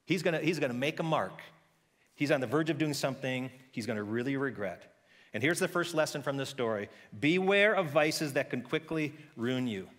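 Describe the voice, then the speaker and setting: A man preaching a sermon as pastor, telling a story in a lively conversational way and acting out the characters' voices. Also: mid-range voice, normal speed, in a large hall. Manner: conversational with frequent restarts.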